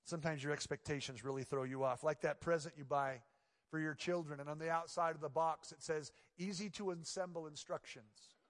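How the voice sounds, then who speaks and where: A pastor preaching in a reverberant hall, his voice sitting a little high for a man. He keeps it chatty and playful, then sinks into hushed, earnest passages. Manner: conversational and playful, dropping to quiet earnest tones. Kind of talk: sermon.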